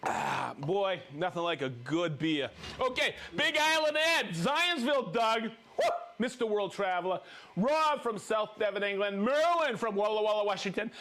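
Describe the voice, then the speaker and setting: A man hosting a live stream, joking and reading out viewers' names with excited whoops. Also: high voice, moderate pace. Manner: upbeat, jokey, reads viewer names with whoops. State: recovering from a cold. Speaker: livestream host.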